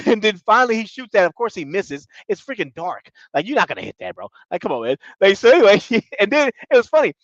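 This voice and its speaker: A man's voice: high voice, sing-song, quick pace, gravelly, hardly any pauses, fairly bright tone, dry recording. A man casually recapping a reality show in slangy talk, laughing often. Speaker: TV show reviewer. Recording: dull lo-fi dry audio.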